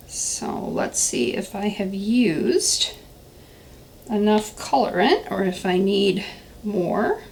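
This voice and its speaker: Woman, mid-pitched, casual craft-tutorial host, talks while she works, lots of ums, faint room noise. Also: expressive, takes it slowly, vocal fry, darkish tone, rough recording. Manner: chatty, thinking aloud with frequent ums. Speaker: soap maker demonstrating a recipe.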